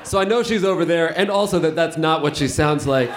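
A man's voice: a little high, a little fast. A man co-hosting a comedy podcast before a live audience, teasing and brash, swearing freely. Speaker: podcast co-host. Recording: echoey live room, loud crowd and noise.

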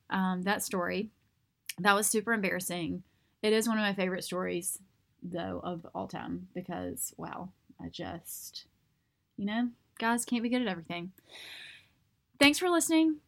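Woman, podcast host, casual storytelling, animated, self-mocking. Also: mid-range voice, moderate pace, gravelly, long pauses. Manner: animated, self-mocking, acts out quoted voices.

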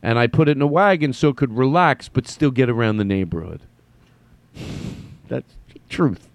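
A man's voice: mid-range voice, animated, moderate pace, no room sound. A man hosting a podcast, telling a story in a rambling, self-mocking way with stammering restarts. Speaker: podcast host. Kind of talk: comedic monologue.

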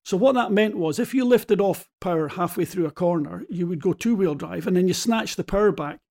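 A man's voice: high voice, fairly quick, creaky, mellow. A man talking as a rally pundit in casual analytical chat, often restarting and repeating words as he searches for them.

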